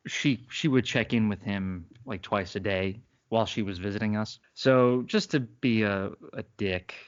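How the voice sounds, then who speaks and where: A man's voice: fairly low pitch, a little slow. A man co-hosting a podcast in casual chat, rambling and laughing often, slipping into mock accents. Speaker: podcast co-host. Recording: dull lo-fi sound.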